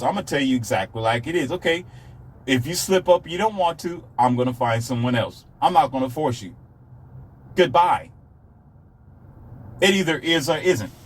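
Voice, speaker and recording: Blunt, husky man ranting. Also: a little high. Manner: blunt, emphatic, repetitive. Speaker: self-published author giving dating advice. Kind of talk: ranting monologue.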